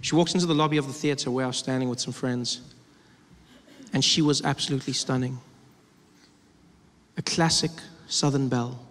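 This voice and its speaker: A man performing stand-up comedy, telling stories in an animated way on a theater stage, recorded in a hall with a laughing crowd. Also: medium pitch, brisk, long pauses. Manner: animated storytelling.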